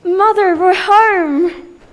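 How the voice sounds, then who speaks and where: A woman's voice: high voice, unhurried, a bit bright. A woman on a school stage playing a spirited, proud young girl, recorded in an echoey hall with noise. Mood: tender. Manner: proud, declaiming.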